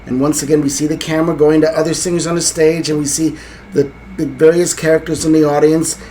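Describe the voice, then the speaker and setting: A man's voice: fairly high pitch, little pitch movement, fast talker, warm tone, slight background noise, rough recording. A man co-hosting a podcast, telling a film's ending in a rambling way with lots of fillers. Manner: rambling, hesitant storytelling with many fillers. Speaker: podcast co-host. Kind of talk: casual film discussion.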